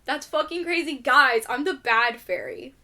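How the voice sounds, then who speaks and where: A woman's voice: sits high, a little slow, sharp tone. A young adult woman hosting a podcast in casual chat, ranting animatedly and swearing a lot. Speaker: podcast host.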